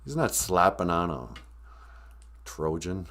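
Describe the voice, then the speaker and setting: A man's voice: lowish voice, big pitch swings, unhurried, darkish tone. A man hosting a live-stream podcast, rambling through a sarcastic, mock-grumpy comedic rant. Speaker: podcast host.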